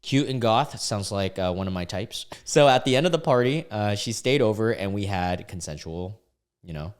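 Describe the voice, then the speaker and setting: A young man hosting a casual online video, reacting to posts in a halting way and often stumbling and restarting his words. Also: fairly low pitch, expressive, clear, resonant tone. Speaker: YouTube reaction host.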